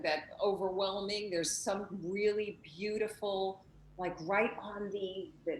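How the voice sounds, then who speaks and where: A woman's voice: on the low side, roomy sound, a little hiss or hum, poor audio. A woman hosting a heartfelt spiritual conversation over a video call, speaking emotionally and acting out inner voices. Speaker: host.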